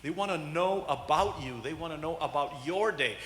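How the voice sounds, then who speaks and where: A man's voice: on the high side, normal speed, a bit bright, a little hiss or hum. A middle-aged male pastor preaching a sermon, joking with the congregation and acting out the voices he quotes. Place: church sanctuary. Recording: echoey church hall.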